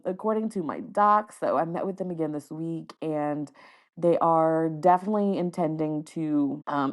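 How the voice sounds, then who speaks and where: A woman's voice: deep voice, a little mellow. A woman, hosting a casual solo podcast and telling stories with playful quoted voices. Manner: chatty storytelling with frequent laughs and playful quoted voices. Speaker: podcast host.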